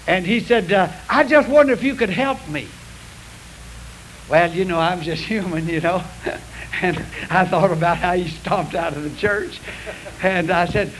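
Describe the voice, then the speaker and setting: A man's voice: sits high, animated, normal speed, low-quality recording. A man preaching a sermon in a folksy, confessional way with a drawl, telling stories to his congregation. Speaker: pastor. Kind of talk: sermon with storytelling. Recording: hissy old radio broadcast.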